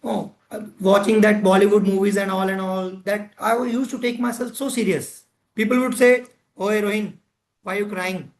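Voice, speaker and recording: A man's voice: high voice, level tone, normal speed. A man leading an interactive workshop session, chatting and putting questions to his audience. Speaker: presenter of a club education session.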